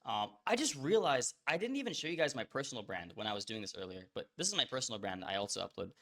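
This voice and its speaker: A young man hosting an online course, talking casually and bluntly to the viewer with quick restarts. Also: mid-range voice, very animated, sharp tone. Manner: blunt, fast, repetitive restarts, addresses viewer as bro. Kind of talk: casual direct-to-camera teaching.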